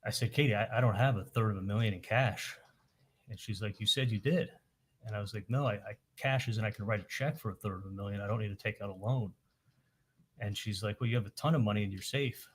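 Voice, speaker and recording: A man on the witness stand, recounting events haltingly and quoting the dialogue in detail. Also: lowish voice, breathy edge. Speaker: witness testifying at a trial. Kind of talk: courtroom testimony.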